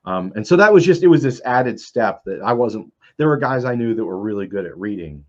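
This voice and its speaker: Low-voiced man, rambling, dull lo-fi audio. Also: lively intonation, brisk. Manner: rambling storyteller with many fillers. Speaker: panelist. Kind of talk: casual panel chat.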